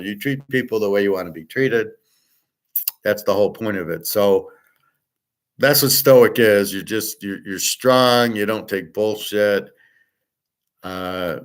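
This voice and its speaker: A man's voice: fairly low pitch, a bit bright. Blunt, ranting middle-aged man. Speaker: sports picks and finance show host. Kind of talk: casual monologue.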